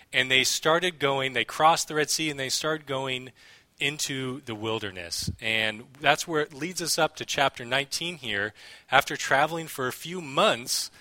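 A man preaching a relaxed, joking sermon to his congregation, reading scripture aloud. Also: medium pitch, no room sound. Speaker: pastor.

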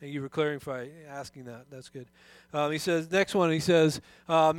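A man's voice: on the high side, moderate pace, clean tone, dry recording. A middle-aged man preaching a sermon as pastor, often restarting his sentences and reading scripture with rising emphasis.

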